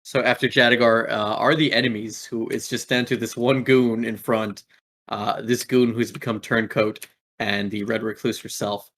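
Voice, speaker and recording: A man running a tabletop game, narrating combat in a relaxed, rambling way. His pitch sits in an ordinary middle range, and he stops often for filler words. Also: normal speed. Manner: laid-back, full of filler words. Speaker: game master.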